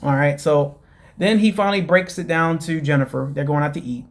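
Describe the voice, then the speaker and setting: A man rambles through a reality-show recap in a loose, mocking way, packing his talk with fillers. His voice sits fairly high for a man. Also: brisk. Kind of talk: casual recap commentary.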